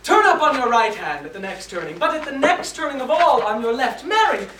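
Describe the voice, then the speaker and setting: A woman's voice: sits high, very animated, fairly quick, a bit bright, a little hiss or hum. A woman playing a young comic male servant in a stage performance of a classic verse drama, clowning and switching between mock voices. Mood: teasing. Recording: roomy hall from a far camera.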